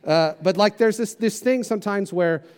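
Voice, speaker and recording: A man preaching in a relaxed, chatty way, his voice sitting a little higher than most men's. He trades solemn scripture for self-deprecating jokes, and his talk is full of "like" and "you know". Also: normal speed, clean tone. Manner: casual, joking and self-deprecating; conversational with many fillers like "like" and "you know". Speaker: pastor. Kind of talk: sermon.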